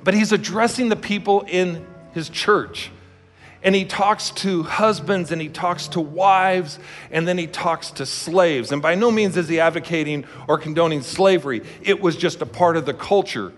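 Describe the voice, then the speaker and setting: A male pastor preaches in an emphatic, storytelling manner, his voice sitting a little high. His words ring out with a long reverb in a church hall, with faint music in the background. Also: normal speed. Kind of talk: sermon.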